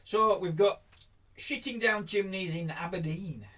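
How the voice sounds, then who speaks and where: A man's voice: high voice, measured pace, bright, forceful tone. A man co-hosting a casual podcast, reading a news story aloud with giggles and dry asides. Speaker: podcast co-host.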